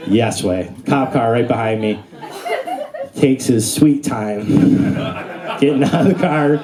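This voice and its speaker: A young man performing a stand-up comedy set on a club stage. His storytelling is animated, and he jumps into high, squeaky voices for the characters he acts out. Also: slow pace, crowd noise. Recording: live audience laughter throughout.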